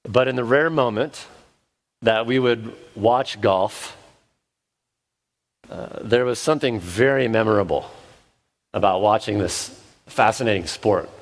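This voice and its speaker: A man's voice: lowish voice, unhurried, pauses often. A man preaching an expository sermon at his church, conversational and self-deprecating, with frequent restarts. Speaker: pastor.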